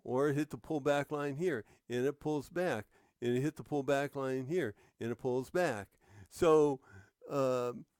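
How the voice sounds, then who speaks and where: A man teaching a trading method over a screen recording, explaining in an unhurried way with frequent "uh" fillers and small restarts. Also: on the high side, darkish tone, no echo, studio quality. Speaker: trading instructor. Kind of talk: screen-share tutorial narration.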